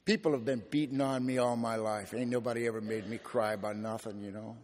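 A man's voice: medium pitch, steady tone, fairly quick, darkish tone. A man speaking at a recovery meeting, telling his story with gritty slang and dry humor. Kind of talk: personal testimony talk. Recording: echoey hall.

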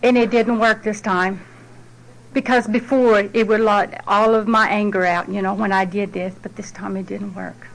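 A woman's voice: mid-range voice, fairly even intonation, moderate pace, vocal fry, low-quality recording. A middle-aged woman, giving a heartfelt personal testimony at a support group meeting in a plain, down-to-earth way.

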